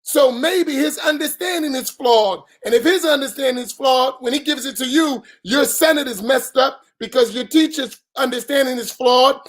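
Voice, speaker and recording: A man's voice: very high-pitched, normal speed, hardly any pauses, fairly bright tone. Emphatic preaching man, colloquial delivery. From United States. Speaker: imam. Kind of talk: post-dawn-prayer talk.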